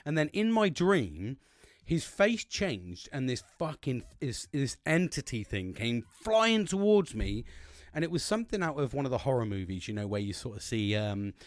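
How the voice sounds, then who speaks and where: Animated man telling a story. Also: medium pitch, normal speed, no room sound. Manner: animated, heavy swearing, rambling with restarts. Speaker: podcast host. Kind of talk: casual storytelling monologue.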